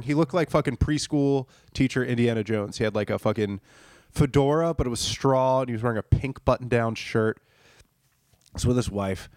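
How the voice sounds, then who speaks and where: A man telling a funny story about his job as a server in a profane, animated way, acting out the people in it. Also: mid-range voice, no echo, clean studio sound. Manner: profane, animated, acts out quotes. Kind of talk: casual comedic storytelling.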